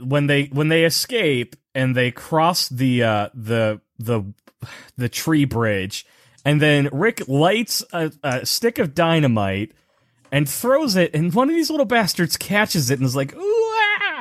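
A man's voice: fairly high pitch, big pitch swings, a little slow, no room sound, studio quality. A man co-hosting a casual movie podcast, talking animatedly and swearing for emphasis. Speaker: podcast co-host. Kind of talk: casual movie recap chat.

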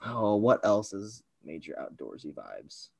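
A man's voice: on the low side, wildly swooping pitch, a little slow, gravelly, darkish tone, breathy edge, no echo. A man co-hosting a casual podcast, guessing films and rambling with self-deprecating laughs. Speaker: podcast co-host guessing movies. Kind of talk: casual chat.

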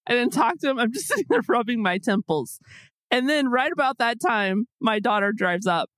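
Host, woman, lively storyteller with big pitch swings and dry close mic; acts out her own quotes. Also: normal speed, no room sound. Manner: animated, acts out her own exasperated quotes, swears freely. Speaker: podcast host. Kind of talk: casual storytelling chat.

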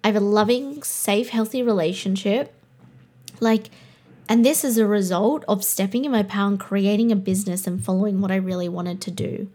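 A woman's voice: medium pitch, moderate pace, mellow. A young adult Australian woman, a podcast host and coach, talking in a candid, blunt way and swearing freely. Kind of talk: casual monologue.

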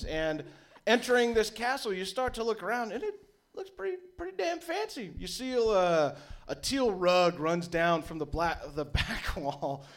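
A man's voice: sits high, a bit bright. A man narrating a tabletop game as game master, casual with lots of "uh" fillers.

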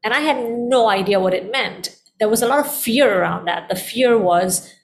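A woman's voice: medium pitch, moderate pace, vocal fry. A middle-aged woman, a guest in a conversation, telling a personal story in an earnest, heartfelt way and repeating phrases for emphasis.

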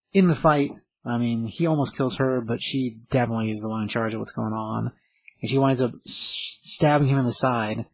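A man's voice: mid-range voice, creaky, husky, dry recording, rough recording. A man casually recapping a comic book story, rambling with lots of fillers and restarts.

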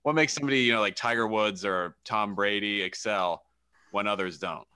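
A man hosting a podcast interview, casual and quick with fillers. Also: on the low side, pushed and bright, smooth, no room sound. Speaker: podcast host.

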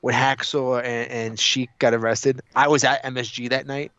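A man co-hosting a podcast, telling a childhood story in a laughing, animated way. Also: medium pitch, normal speed, clean tone, no room sound, highs cut off. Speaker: podcast co-host. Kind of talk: casual storytelling chat.

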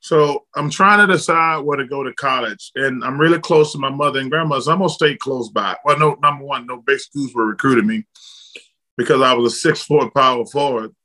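A middle-aged man from Alabama, a former basketball player telling blunt, lively stories as a guest in an interview. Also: medium pitch, fairly quick, poor audio. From Alabama, United States. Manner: lively, blunt storyteller, casual slang. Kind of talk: candid storytelling in an interview.

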